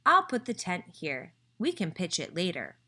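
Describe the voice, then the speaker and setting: A woman reading a storybook aloud, voicing a patient but easily exasperated grown man, slow and firm. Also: on the low side, wildly swooping pitch, pushed and bright, breathy edge, exaggerated voice.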